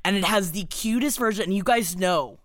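A woman co-hosting a podcast in casual chat, gushing and excitable, darting through quick asides and then stretching out her words for emphasis. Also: mid-range voice, no echo, clean studio sound. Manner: excitable, gushing, swings from rapid asides to slow drawn-out emphasis. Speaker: podcast co-host.

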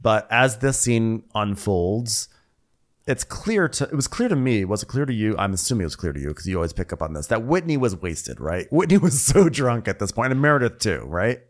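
A man's voice: on the low side, big pitch swings, fairly quick. A man co-hosting a podcast, casually recapping a reality show scene by scene. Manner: chatty, recounts scenes with quoted bits. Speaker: podcast co-host.

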